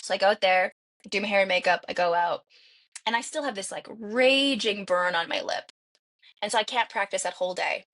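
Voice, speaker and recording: A woman, a podcast guest, telling a story in an animated way and acting out the quoted dialogue. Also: mid-range voice, moderate pace. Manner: acts out quoted dialogue with lively shifts.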